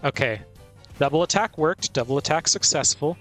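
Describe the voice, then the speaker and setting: A man gives casual gameplay commentary in a slightly high voice, playful and talkative. He laughs easily between thoughts, and faint game music plays underneath. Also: animated, moderate pace, a bit bright. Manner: chatty and playful, laughs often. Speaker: streamer.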